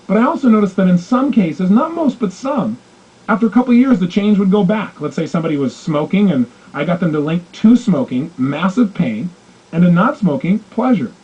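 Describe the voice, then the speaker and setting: A man with a high, swooping voice races through a self-help talk and acts out each exchange. His tone is husky and mellow, and the tape sounds dull and lo-fi. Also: brisk. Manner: animated storytelling, acting out quoted dialogue. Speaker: motivational coach.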